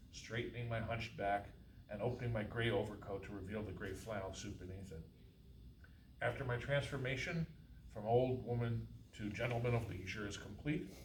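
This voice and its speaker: Male author reading his own fiction live; dry, wry; roomy hall, heard from a distant camera with faint hiss. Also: lowish voice. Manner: dry, wry delivery with occasional chuckles. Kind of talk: live reading of a first-person novel. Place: college faculty reading room.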